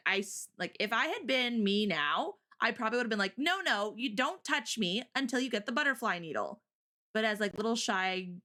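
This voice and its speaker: Woman streamer, bright voice, chatty storyteller who laughs a lot; casual live chat. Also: medium pitch. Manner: chatty storyteller, giggles often. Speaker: co-host of a morning stream.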